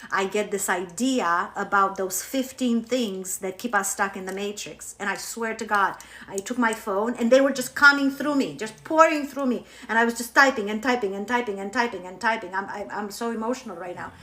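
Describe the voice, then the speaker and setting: A woman hosting a live stream from home as a spiritual coach, telling a story in a candid, animated way and swearing freely. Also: medium pitch, normal speed. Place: at home on her couch. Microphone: phone.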